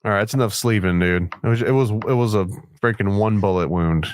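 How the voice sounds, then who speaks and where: A man's voice: fairly low pitch, a little fast, dry recording, studio quality. A man playing a game and chatting casually over a voice call, laid-back and joking, calling his friend dude and man. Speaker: guest player in a gaming video. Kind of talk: casual gameplay chat.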